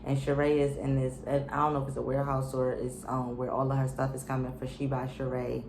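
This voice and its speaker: A woman's voice: rumbling low, completely flat delivery, fast talker, creaky, echoey room, background noise. A woman casually recapping a reality show, chatty and opinionated, with lots of fillers and slang.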